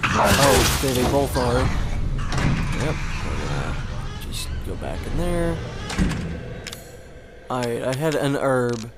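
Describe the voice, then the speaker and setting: A man's voice: mid-range voice, animated, slow, pauses often. A young man casually commenting on a video game while playing, chatty and rambling with plenty of filler words. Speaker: gameplay commentator. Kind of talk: casual let's play commentary.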